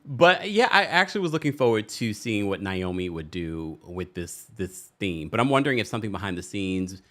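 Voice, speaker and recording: A man's voice: on the low side, big pitch swings, a little fast, fairly bright tone. A man, hosting a casual livestream, chatting, laughing and reading viewer comments aloud. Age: 40s. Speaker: host.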